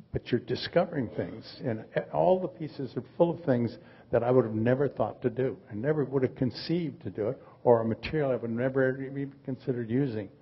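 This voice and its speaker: Husky man in his eighties. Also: mid-range voice, lo-fi sound. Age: 80s. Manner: rambling, halting, dry humor. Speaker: artist, guest. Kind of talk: live onstage conversation.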